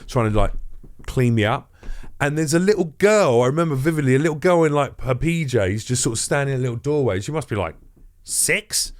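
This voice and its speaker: Comic guest in his forties or fifties, sweary, animated raconteur, mid-pitched. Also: fast. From England. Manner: profane, animated, acts out quoted voices. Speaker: comedian guest. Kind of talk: casual storytelling interview.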